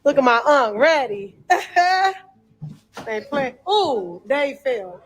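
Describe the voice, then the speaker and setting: A woman filming on her phone while clearing out a dirty house, talking bluntly with lots of swearing and exclamations. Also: high voice, very animated, drawn-out words. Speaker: cleanup crew member filming a house. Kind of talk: casual vlog commentary while working.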